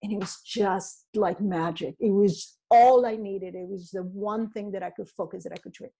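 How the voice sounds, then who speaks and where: A middle-aged woman talking as a podcast guest, rambling and animated as she tells her story and acts out what people said to her. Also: mid-range voice, normal speed, husky. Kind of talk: casual storytelling interview.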